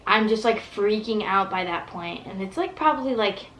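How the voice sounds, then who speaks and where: A woman's voice: medium pitch, expressive, moderate pace, a bit bright, a little hiss or hum, rough recording. A young woman vlogger telling a long personal story in casual, rambling talk full of fillers and swearing.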